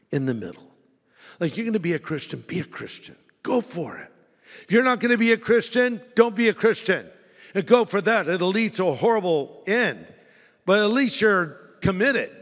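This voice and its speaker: A man preaching a sermon as pastor, animated and playfully mocking, acting out the voices he quotes. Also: sits high. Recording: long hall reverb.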